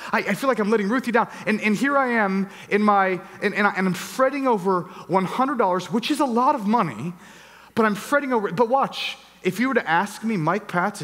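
High-voiced middle-aged pastor preaching. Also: male voice, moderate pace. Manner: animated storytelling, acting out his own reactions. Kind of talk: sermon. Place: church hall. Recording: long reverb of a church hall.

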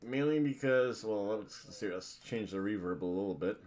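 A man's voice: on the low side, moderate pace, darkish tone. Rambling man hyping himself on a vlog. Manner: rambling, self-hyping, jokey asides. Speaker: wrestling vlogger. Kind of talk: casual rambling predictions vlog.

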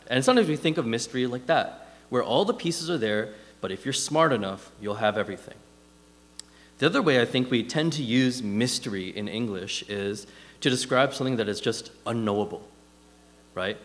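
A man delivers a sermon in an easy, conversational style, leaning on fillers as he tells stories to make his points. His voice sits at a middle pitch. The sound carries a long reverb from the church hall. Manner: conversational, animated storytelling with frequent fillers. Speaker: preacher.

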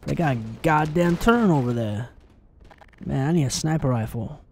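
A man giving excitable let's play commentary, swearing often and taunting his enemies as he plays. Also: a little high, moderate pace, vocal fry, slight background noise. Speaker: gaming channel host.

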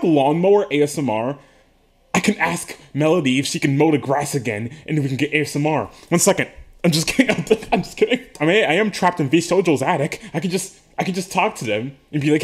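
A man talking to camera in a casual comedic monologue from an attic room, excitable and giggly, rambling with frequent laughs and yelps. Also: fairly high pitch. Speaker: video creator.

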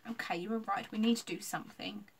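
A woman's voice: medium pitch, steady tone, fast talker, slight background noise, close to an everyday voice. A woman voicing a thoughtful, scheming young boy in a storybook reading, talking earnestly. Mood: worried.

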